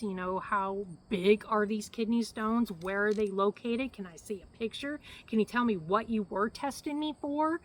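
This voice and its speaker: A woman's voice: medium pitch, low-quality recording. A middle-aged woman vlogging a casual health update, rambling and flustered, with a hacky cough and shortness of breath. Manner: rambling, flustered, many fillers.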